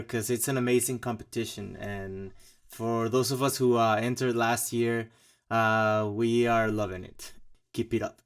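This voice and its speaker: A man's voice: medium pitch, a bit bright. A man hosting a casual walkthrough vlog about his own music, rambling and joking with many fillers and mock asides. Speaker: composer and channel host.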